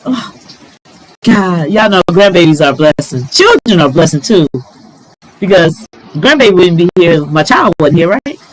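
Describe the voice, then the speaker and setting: A middle-aged woman giving relationship advice in a casual, animated vlog, exclaiming and talking straight to her viewers. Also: on the low side, normal speed, noisy background. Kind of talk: casual advice talk to camera.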